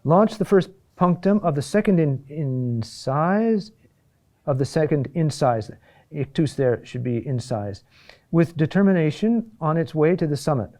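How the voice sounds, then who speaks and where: A man teaching a chant lesson, explaining in short halting phrases with many fillers and asides, now and then singing a phrase slowly. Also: on the high side, lively intonation, dark tone.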